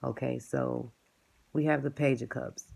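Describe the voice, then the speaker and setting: A man giving a casual tarot card reading to his viewers, talking in a relaxed, musing way and stringing phrases together. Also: medium pitch, a little slow, creaky, breathy edge. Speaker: tarot reader.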